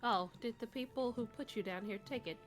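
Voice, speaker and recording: A woman's voice: a little high, a little fast, faint music behind. A woman playing a tabletop game, asking practical questions in character. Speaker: player. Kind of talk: in-character tabletop role-play.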